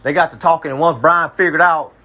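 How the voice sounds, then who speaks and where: A man's voice: on the high side, fairly even intonation, fast talker, pushed and bright. A man from Kentucky leading a small group Bible study in a casual, slangy way, often checking that listeners follow him. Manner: slangy, conversational, often asks "you see what I'm saying".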